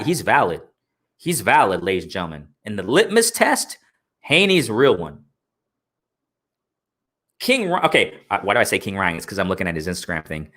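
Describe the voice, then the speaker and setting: A man's voice: mid-range voice, bright, forceful tone. A man hosting a live boxing talk stream, ranting heatedly with slang, repeating himself and answering his chat. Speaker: boxing talk show host. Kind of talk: live-stream commentary and rant.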